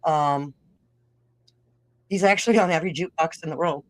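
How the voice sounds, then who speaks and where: Her voice sits low and moves at a moderate pace on a dry recording. As a guest musician-podcaster in a casual interview, this middle-aged northern Minnesota woman rambles through stories and laughs often.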